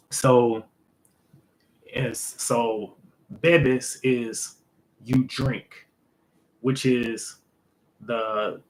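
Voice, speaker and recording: A man hosting a casual language lesson, explaining in a loose, rambling way full of fillers and an occasional "boom" to wrap up a point. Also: low-quality recording. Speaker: host.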